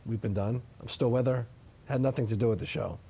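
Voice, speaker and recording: Brief: thirties male interviewee, insistent and defensive, ordinary middle pitch. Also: brisk, gravelly, mellow, slightly rough. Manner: emphatic, defensive, repeats "okay?". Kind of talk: sit-down interview.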